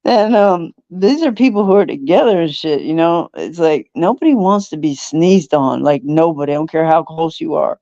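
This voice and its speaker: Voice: mid-range voice, moderate pace, few pauses. A laid-back podcast host tells stories in casual chat, laughing often and slipping into the voices of the people in them. The sound is dull and lo-fi. It is dry, with no room echo. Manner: animated storyteller who acts out quoted voices.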